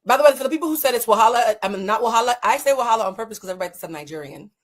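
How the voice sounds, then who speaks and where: A woman life coach giving blunt, animated commentary in a casual chat. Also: a little high, very fast.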